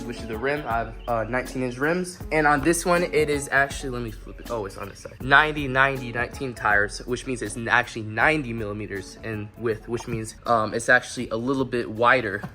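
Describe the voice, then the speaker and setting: Guy rambling thru a diy repair vlog, average pitch, faint music behind. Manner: rambling explanations with many restarts. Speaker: vlogger. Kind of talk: casual how-to vlog.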